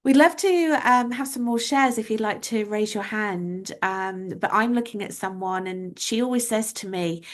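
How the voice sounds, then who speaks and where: A woman's voice: medium pitch, normal speed, hardly any pauses. A woman hosting a live awards ceremony, effusive and full of filler words. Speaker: host.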